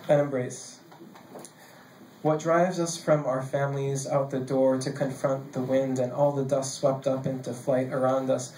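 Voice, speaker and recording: A man reading his own poems live on a stage mic, casual and joking between pieces and measured while reading. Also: mid-range voice, mellow, slight background noise. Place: basement bar venue, live. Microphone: handheld stage mic. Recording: echoey basement room.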